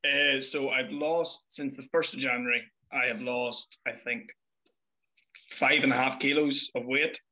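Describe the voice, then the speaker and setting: Lively young Irish man telling stories. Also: medium pitch, unhurried, poor audio. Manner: lively storytelling, swearing, mimics voices. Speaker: podcast guest. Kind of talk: casual chat.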